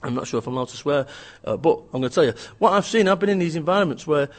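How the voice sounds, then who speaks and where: Blunt, fast-ranting man. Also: on the high side, expressive. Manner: blunt, ranting, mimics voices. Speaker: author and business speaker. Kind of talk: energetic interview talk.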